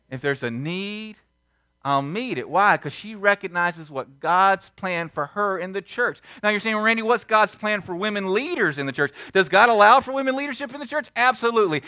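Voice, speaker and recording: A man preaching a sermon as pastor, emphatic and full of rhetorical questions, swinging between loud and hushed. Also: sits high, dry recording, studio quality. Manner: asks the congregation many rhetorical questions. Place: church sanctuary.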